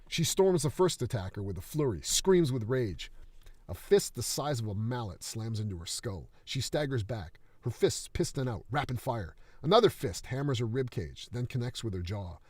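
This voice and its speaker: A man reading his screenplay aloud in a steady, dramatic manner. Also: mid-range voice, breathy edge, dry recording.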